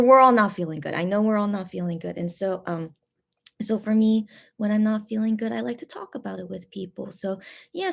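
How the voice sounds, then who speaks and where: A woman's voice: medium pitch, darkish tone. A woman hosting a late-night livestream chat, emotional and close to tears, rambling with many fillers and repeated words. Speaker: fan channel host.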